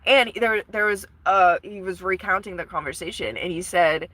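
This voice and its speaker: A woman's voice: fairly low pitch, normal speed, no echo. A woman casually retelling a story to camera, rambling, swearing and full of fillers. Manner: rambling, profane, animated retelling. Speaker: vlogger.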